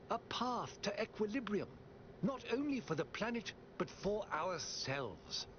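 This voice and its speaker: A man voicing a calm, diplomatic android mayor in a video game, speaking in measured, lofty phrases. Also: high voice, heavily acted. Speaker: city mayor. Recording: dull audio with clear noise.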